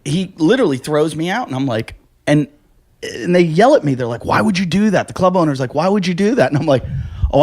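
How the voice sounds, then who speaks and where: A man, a stand-up comedian, telling stories in casual chat and acting out the people he quotes. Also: fairly high pitch. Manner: animated, acts out quoted voices.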